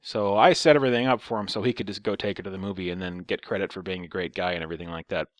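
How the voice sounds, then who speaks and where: A man's voice: low voice, steady tone, rapid-fire, no echo, studio quality. A man telling a story in a casual vlog, ranting with exasperation and a lot of profanity. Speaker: vlogger.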